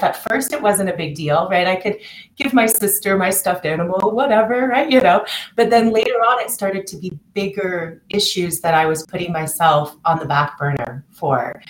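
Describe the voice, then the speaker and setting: A woman's voice: fairly low pitch, reverberant, rough recording. A woman talking as a podcast guest, telling personal stories in a chatty way with many restarts. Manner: chatty, many restarts, acts out quoted voices. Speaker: guest, coach working with clients. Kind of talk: podcast interview, personal storytelling.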